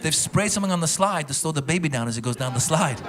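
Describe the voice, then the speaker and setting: A middle-aged man performing a stand-up comedy set before a live audience, telling animated stories and slipping into character voices. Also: fairly high pitch, quick pace. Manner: animated storytelling, switching into accented character voices. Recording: loud crowd and noise from a live show.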